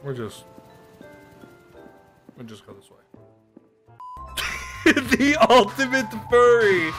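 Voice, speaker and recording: Excitable swearing woman streamer, lively pitch. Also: slow, over music. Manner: excitable, swearing, laughing often. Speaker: game streamer. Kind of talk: live gameplay commentary. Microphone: headset.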